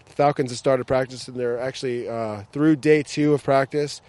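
A man's voice: medium pitch, fairly even intonation, normal speed, a little mellow. An American man hosting a casual sports podcast outdoors, upbeat and joking, with many fillers. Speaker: podcast host. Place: outdoors at a training ground.

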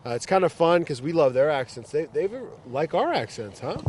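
A man's voice: on the high side, expressive, moderate pace, darkish tone. An American man hosting a casual sports podcast outdoors, upbeat and joking, with many fillers. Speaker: podcast host. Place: outdoors at a training ground.

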